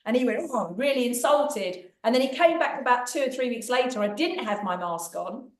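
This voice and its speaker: A woman's voice: fairly high pitch, big pitch swings, fast talker, echoey room, far from the mic. A woman guest speaking at an event, telling chatty anecdotes about her comedy sketches. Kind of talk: anecdotal storytelling.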